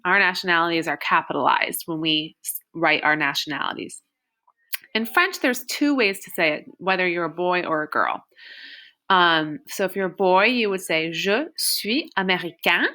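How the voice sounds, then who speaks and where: Woman, French teacher, patient beginner lesson, bright tone. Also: fairly low pitch. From United States. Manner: slow, clear modeling of example phrases.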